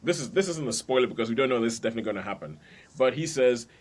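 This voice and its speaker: A man's voice: medium pitch, lively intonation, very fast. A man hosting a podcast, chatting casually about films and laughing between points. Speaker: podcast host. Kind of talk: casual film review chat.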